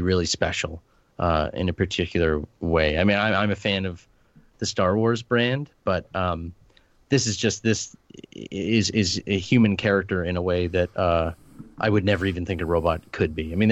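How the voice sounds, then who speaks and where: Low-voiced man in eager film chat. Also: no echo, muffled recording. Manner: enthusiastic, many fillers and restarts. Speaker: podcast panelist. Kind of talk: casual film discussion.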